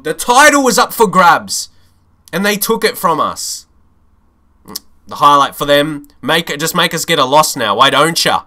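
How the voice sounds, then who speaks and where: An animated young man commenting live on his own football management game. His voice is bright and sits a little high. He swings between hope and frustration and swears often. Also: moderate pace, long pauses.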